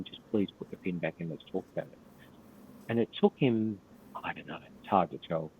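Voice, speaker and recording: An older Australian man, a retired police officer, telling a war story as a podcast guest in a blunt, profane, laid-back way. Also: low-pitched. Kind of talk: storytelling in casual interview. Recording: tinny phone-like line.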